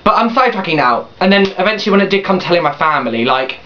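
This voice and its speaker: Fast-talking teen guy, lo-fi webcam. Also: high voice, lively intonation. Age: late teens. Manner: rambling, full of restarts and "obviously", blunt swearing. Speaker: vlogger. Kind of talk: casual confessional storytelling. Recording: dull lo-fi webcam recording.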